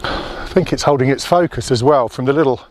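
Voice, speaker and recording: A man's voice: medium pitch, brisk. A man chatting to his handheld camera while walking a country road, talkative and rambling. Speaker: outdoor vlogger. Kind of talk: casual chat to camera.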